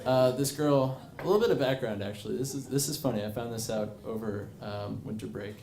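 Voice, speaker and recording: A man's voice: medium pitch, fairly quick. A man in his twenties telling a personal story to a live bar audience, rambling and self-mocking, with many fillers. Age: 20s. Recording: echoey bar with crowd noise.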